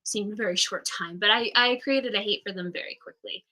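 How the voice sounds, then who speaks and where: Give me a candid woman host with a bright, ringing voice, chatting casually and frankly. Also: medium pitch, a little fast, poor audio. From Utah, United States. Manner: candid, chatty, swears, acts out quoted voices. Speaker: astrology class host. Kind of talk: casual livestream astrology talk.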